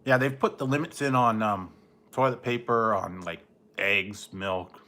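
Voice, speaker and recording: Male streamer, loose chatty ramble, quick to laugh. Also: on the low side, sharp tone. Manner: rambling, laughs often, mimics people in goofy voices. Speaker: livestream host. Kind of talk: casual late-night livestream chat.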